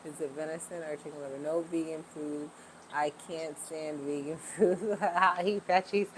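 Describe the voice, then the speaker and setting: A woman's voice: low voice, steady tone, normal speed, fairly bright tone, slight background noise. A woman hosting a casual livestream from home, chatting with viewers and laughing often. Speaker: livestream host.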